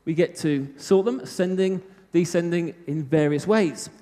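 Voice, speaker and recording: A man's voice: on the high side, moderate pace, mellow. A British man giving a live technical talk at a conference, chatty with self-mocking humor. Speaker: conference speaker. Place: conference hall. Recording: reverberant hall.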